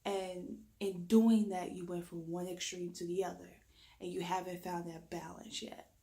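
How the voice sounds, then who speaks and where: A woman's voice: on the low side, flat delivery, normal speed, gravelly, mellow. A woman reiki practitioner giving an emphatic spiritual guidance talk, repeating her points like a coach. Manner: emphatic, repetitive coaching with laughs.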